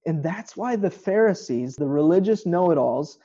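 A man's voice: on the high side, lively intonation, normal speed, mellow, dull audio. A male pastor giving an informal online sermon from a home kitchen, explaining scripture in a conversational way.

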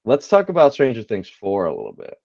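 A man's voice: medium pitch, huge pitch swings, brisk, creaky, a little mellow, no room sound. Wry man on a slightly dull mic. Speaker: podcast co-host. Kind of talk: casual chat.

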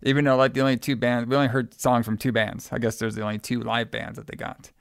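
A man's voice: medium pitch, flat delivery, fast talker, gravelly, no room sound, studio quality. A man co-hosting a podcast, recapping a movie in a laid-back, rambling way and laughing often. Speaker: podcast co-host. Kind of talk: casual chat.

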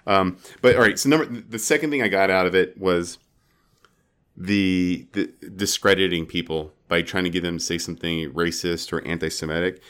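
A man with a low voice chats loosely on a podcast. He rambles, leans on "like" and restarts his thoughts, keeping things casual and friendly. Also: moderate pace, a bit bright, clean tone. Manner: rambling, many filler likes. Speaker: podcast co-host. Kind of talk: casual chat.

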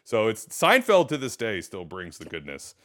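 A man in his thirties hosting a casual podcast chat. He tells animated stories and laughs often. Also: lowish voice, normal speed. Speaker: podcast host.

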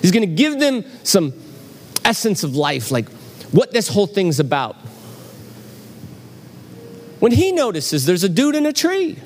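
A man's voice: high-pitched, huge pitch swings, unhurried, long pauses, a little hiss or hum. A man preaching a sermon in a church, telling a story and acting out the voices in it. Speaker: pastor. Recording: church hall reverb, faint ambience.

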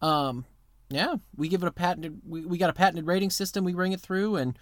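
A man's voice: high-pitched, fairly even intonation, brisk, dry recording, studio quality. A man co-hosting a podcast, talking in an easygoing way with hesitant fillers. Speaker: podcast co-host. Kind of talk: casual chat, show intro.

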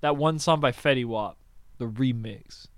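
A young man in casual chat about video games, ranting profanely with loud outbursts. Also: medium pitch, unhurried, no echo.

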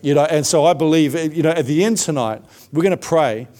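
A man's voice: a little high, brisk, warm tone. A middle-aged man preaching a sermon, telling his own story in a conversational way with frequent fillers.

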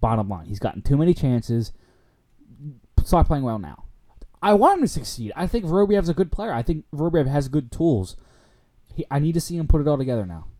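A man's voice: fairly high pitch, very animated, fairly quick, warm tone. A young man co-hosting a sports podcast, chatting casually, swearing freely and laughing often. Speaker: podcast co-host.

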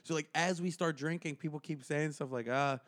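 A man's voice: on the high side, fairly even intonation, fairly quick, a bit bright. A man co-hosting a comedy podcast, telling a bar story in casual chat and quoting people in exaggerated voices. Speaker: podcast co-host.

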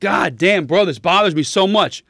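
Brief: riled-up male host, high bright voice, dry close sound, cursing commentary. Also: lively intonation, moderate pace, gravelly, dry recording. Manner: heated, profane, riled-up. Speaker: podcast host. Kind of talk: political commentary rant.

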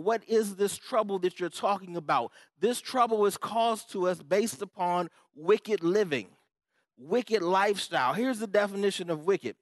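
A pastor preaching a conversational sermon, repeating key words for emphasis and checking in with the congregation. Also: male voice, high-pitched, moderate pace, no room sound. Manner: repetitive, emphatic phrasing.

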